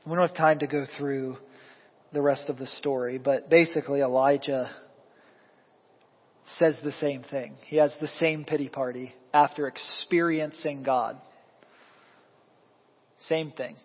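A man preaching a sermon as pastor, animated and quizzing the congregation with questions. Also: medium pitch, unhurried, long pauses, husky. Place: church sanctuary. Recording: echoey hall, dull lo-fi sound.

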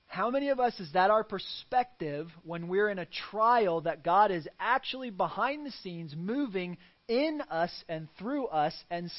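A man's voice: sits high, highs cut off. A man preaching a sermon as pastor, earnest and fond of rhetorical questions.

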